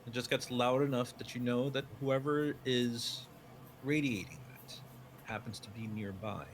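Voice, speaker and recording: A man's voice: medium pitch, measured pace, a little hiss or hum. A man narrating as game master, describing the scene in second person with many fillers.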